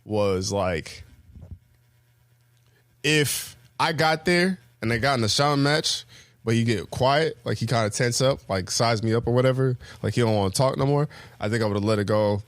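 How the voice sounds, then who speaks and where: A man's voice: normal speed, no room sound. A man co-hosting a podcast, telling a story in a casual, profane way, full of fillers and restarts, now and then mimicking others. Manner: animated storyteller, acts out quotes with loud high bursts. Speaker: podcast co-host.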